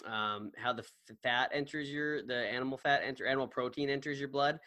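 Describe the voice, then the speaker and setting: A podcast co-host speaks in a mid-range voice with fairly even intonation, brisk, pushed and bright, on a dry recording. He chats casually and rambles, full of fillers and restarts.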